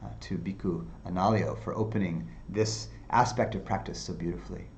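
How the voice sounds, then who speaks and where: A male meditation teacher giving an unhurried dharma talk, with many fillers and softly repeated phrases. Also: sits low, slight background noise.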